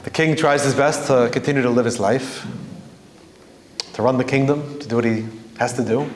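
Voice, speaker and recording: Animated male rabbi in an echoey hall. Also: mid-range voice, moderate pace, a little hiss or hum. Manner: animated storyteller, repeats phrases for emphasis. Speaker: rabbi teaching a class. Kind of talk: storytelling Torah lesson. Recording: echoey hall with faint ambience.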